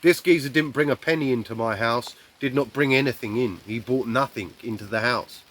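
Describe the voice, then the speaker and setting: A man telling a raw personal story bluntly, swearing heavily and acting out shouts and quoted lines. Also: mid-range voice, a little fast.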